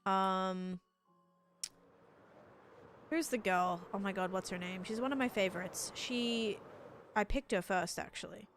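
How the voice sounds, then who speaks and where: A rambling Australian woman talks to her viewers during a gaming livestream, her voice sitting at an ordinary middle pitch. She leans on "like" constantly and drifts from thought to thought, with soft music playing faintly behind her. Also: unhurried, long pauses. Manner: rambling, chatty, heavy use of "like". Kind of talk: casual chat while gaming live.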